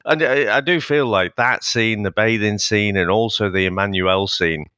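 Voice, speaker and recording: A man's voice: fairly low pitch, normal speed, pushed and bright, clean tone, dry recording. A man in casual podcast chat, meandering and laughing as he talks. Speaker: podcast co-host.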